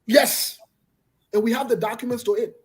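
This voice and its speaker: Husky-voiced talk host. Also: male voice, very high voice, fairly even intonation, normal speed. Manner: emphatic, repetitive, pointed. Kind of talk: animated political talk show chat.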